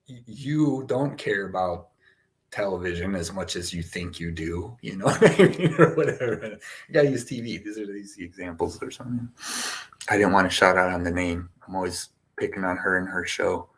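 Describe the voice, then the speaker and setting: A young man hosts a relaxed spiritual session and talks in long, winding runs full of "you know" and "right?". His voice sits fairly low. He stays loose and lively. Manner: rambling, animated, many fillers and laughs, reads chat aloud. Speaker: spiritual teacher hosting a session. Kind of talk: casual spiritual talk to a live chat.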